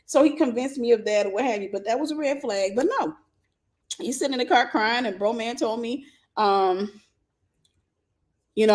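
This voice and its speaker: A woman host telling a personal story and giving dating advice in a lively, casual way, often breaking into laughter. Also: fairly high pitch, normal speed, pauses often. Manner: animated, bursts into laughter, vernacular.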